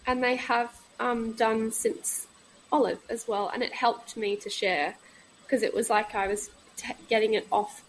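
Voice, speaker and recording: A woman in her thirties talks frankly as a podcast guest, a little high in pitch. She pauses often and fills the gaps with soft ums. A faint hiss sits under her voice. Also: steady tone, poor audio. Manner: halting, frank, many pauses and fillers. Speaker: guest, midwife. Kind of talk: candid podcast conversation.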